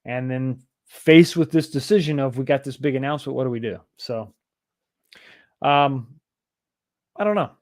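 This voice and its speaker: A man's voice: medium pitch, normal speed, long pauses. A man hosting a casual livestream, rambling and restarting his sentences as he talks. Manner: rambling, repeats words and restarts often. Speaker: livestream host.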